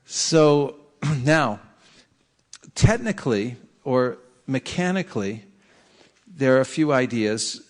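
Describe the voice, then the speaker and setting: A man leading a meditation workshop, talking in a conversational, gently humorous way with frequent restarts. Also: mid-range voice. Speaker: meditation teacher. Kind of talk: workshop teaching. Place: workshop room.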